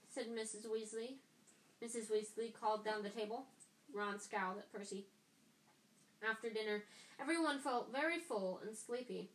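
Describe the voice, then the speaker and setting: A woman's voice: mid-range voice, normal speed. A woman reading a story aloud, stumbling and restarting lines as she goes. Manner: reads with frequent stumbles and restarts. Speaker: reader. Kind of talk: amateur audiobook reading. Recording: echoey room with faint noise.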